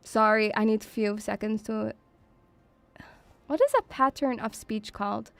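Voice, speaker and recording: A woman's voice: a little high, measured pace, creaky, dry recording. Playful doting woman streamer. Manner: playful, doting, rambling, teasing. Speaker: VTuber streamer. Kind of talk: casual debut stream chat. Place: home room, near pubs.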